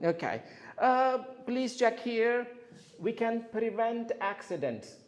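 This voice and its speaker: Male classroom teacher, lively high voice, clear questions, drills word stress. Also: slow. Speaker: English teacher.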